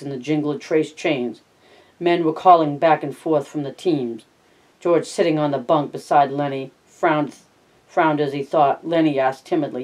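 Steady audiobook narrator. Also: medium pitch, rough recording. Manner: steady, plain, with small slips. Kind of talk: audiobook reading.

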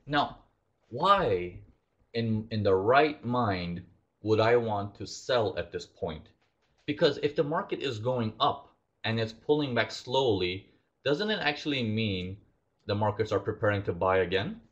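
A lowish male voice teaching a trading lesson, animated, quizzing his listeners and acting out what traders think. The audio is dull and lo-fi. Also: measured pace. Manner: animated, acts out traders' thoughts, asks the audience questions. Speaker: trading instructor.

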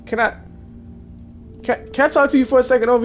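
Young man, very high voice, let's-play commentary, mock-dramatic, faint game music behind. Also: fast, long pauses. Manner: animated, mock-dramatic, talks to game characters. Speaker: gaming YouTuber.

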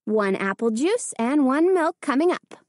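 A woman voicing a cheerful young girl in a storybook reading, bright and teasing. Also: a little high, very animated, a little slow, no echo, studio quality. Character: cheerful preteen girl, teasing older sister.

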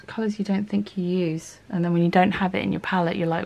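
A woman hosts her art channel in a relaxed, chatty way, thinking aloud as she swatches her paints. Her voice sits a little low and has a gravelly edge, and she often corrects herself mid-sentence. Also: fast talker. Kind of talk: casual talk while swatching paints.

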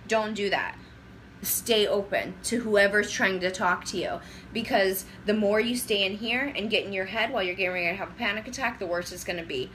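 A woman's voice: mid-range voice, a little fast, a bit bright, a little hiss or hum, low-quality recording. A young woman chatting casually on a phone livestream, rambling and giving advice to viewers. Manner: loose, rambling and getting sidetracked. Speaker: livestream host. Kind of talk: casual live-stream chat. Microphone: phone camera.

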